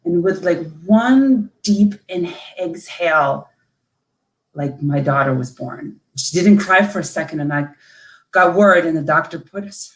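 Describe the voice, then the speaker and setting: Woman from Lithuania, lowish voice, halting emotional storytelling, roomy echo. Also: animated. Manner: emotional, halting, many restarts. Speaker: guest, coach. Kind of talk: personal storytelling in an interview.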